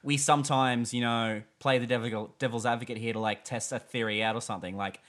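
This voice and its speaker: A man's voice: medium pitch, fairly even intonation, a little fast, a bit bright. Man with dry, wry podcast humor. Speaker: podcast co-host. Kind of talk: casual podcast chat.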